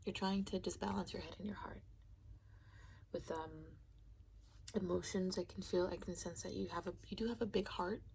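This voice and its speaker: Gravelly-voiced woman reading tarot. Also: fairly low pitch, fairly even intonation, a little hiss or hum, low-quality recording. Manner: rambling, halting, drifts into soft whispers. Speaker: tarot reader. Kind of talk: casual pick-a-card tarot reading.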